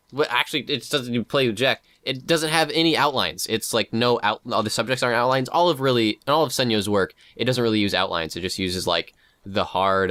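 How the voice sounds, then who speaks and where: A man's voice: medium pitch, sharp tone, clear, resonant tone, dry recording, studio quality. A man co-hosting a casual podcast, rambling through his thoughts with many fillers. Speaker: podcast co-host discussing fan art. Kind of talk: casual chat.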